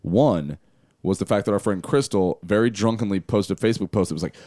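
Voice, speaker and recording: A man chatting on a podcast in a lowish voice, rambling from one story to the next and laughing along the way. The sound is dry and close, with no room around it. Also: quick pace, warm tone, dry recording. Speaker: podcast co-host. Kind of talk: casual chat.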